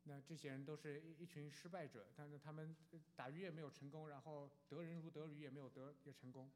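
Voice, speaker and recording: Man interpreting a sermon really fast, bit high voice, stops and restarts, faint hum. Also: fairly even intonation, darkish tone. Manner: quick, with fillers and restarts.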